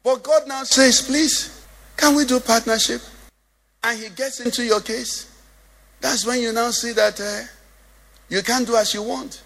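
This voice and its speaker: A man's voice: extremely high pitch, fairly even intonation, normal speed, gravelly, a bit bright, long reverb tail. A male pastor preaching a sermon, lilting in a sing-song way and asking the congregation questions. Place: church.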